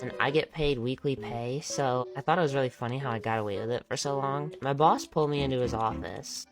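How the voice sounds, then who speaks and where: Deadpan low-voiced young woman storyteller. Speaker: vlogger. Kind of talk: storytime vlog.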